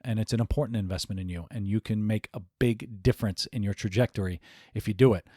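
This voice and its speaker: A man's voice: lowish voice, steady tone, fast talker, mellow, dry recording, studio quality. A man hosting his own podcast as an executive coach, talking in a blunt, emphatic, conversational way. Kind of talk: solo podcast monologue.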